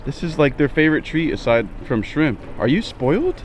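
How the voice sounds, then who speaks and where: A man vlogging casually outdoors by his backyard pond, filming on a cell phone and chatting excitedly to the camera and to his fish. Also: fairly high pitch, normal speed, a little hiss or hum. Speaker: fishing and fish-keeping vlogger. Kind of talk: casual outdoor vlog narration.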